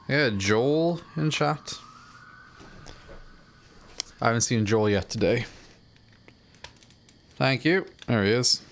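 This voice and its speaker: A man's voice: mid-range voice, lively intonation, takes it slowly, pauses often, a little hiss or hum. A man casually chatting on a live stream while playing a game, rambling, self-deprecating and swearing offhand.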